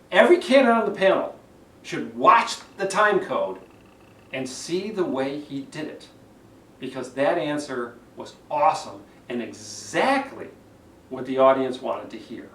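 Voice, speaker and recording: A man who is a public speaking coach giving an animated speech evaluation lesson, acting out vocal examples as he goes. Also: a little high. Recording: roomy echo, distant mic.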